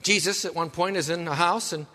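High, bright-voiced male preacher in a hall. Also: fairly quick. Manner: storytelling, swings between loud and hushed. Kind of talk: sermon. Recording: long reverb of a hall.

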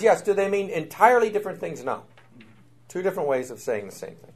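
A man's voice: medium pitch, fairly quick. A middle-aged man teaching a Bible study, stressing points with repetition, many fillers and restarts. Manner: animated, repetitive emphasis, frequent fillers and restarts.

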